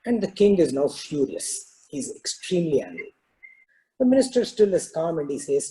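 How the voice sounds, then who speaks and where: A man telling a parable during a spiritual talk, in a relaxed storytelling manner with many "you know" fillers. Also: a little high, normal speed, low-quality recording. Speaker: spiritual discourse teacher.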